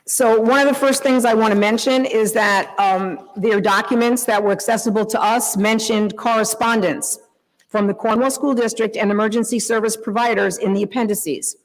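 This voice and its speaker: A woman's voice: a little high, fairly even intonation, normal speed. Female resident, emphatic and indignant public comment, long hall reverb. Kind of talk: public comment at a town meeting.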